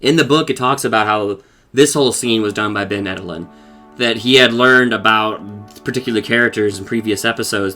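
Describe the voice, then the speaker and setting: A man's voice: lowish voice, bright, forceful tone. Casual, profane man recapping an episode. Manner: loose and profane, with frequent fillers and laughs. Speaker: podcast host recapping a cartoon episode.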